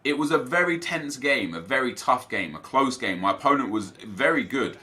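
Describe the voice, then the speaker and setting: A young man recaps his video game football matches for his viewers in a casual, upbeat way. His voice is bright and forward at an ordinary male pitch. He speaks like a regular gaming creator talking to his audience. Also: lively intonation, normal speed. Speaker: gaming YouTuber. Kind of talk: casual gameplay commentary.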